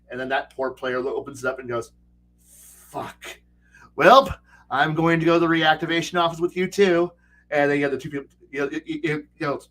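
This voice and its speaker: A middle-aged man chatting casually about tabletop gaming, animated and profane, often acting out players' lines. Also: mid-range voice. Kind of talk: casual streamed chat.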